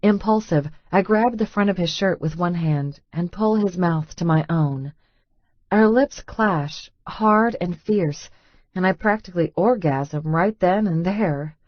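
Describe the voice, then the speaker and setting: A woman's voice: fairly low pitch, a little slow, no room sound, dull audio. A woman narrating a first-person romance audiobook in an intimate, breathless inner-monologue manner.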